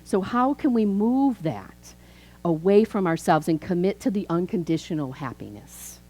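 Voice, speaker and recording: Low-voiced woman minister giving a chatty sermon. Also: normal speed, rough recording. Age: 50s. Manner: animated, chatty, acts out quoted voices. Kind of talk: conversational sermon. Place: church.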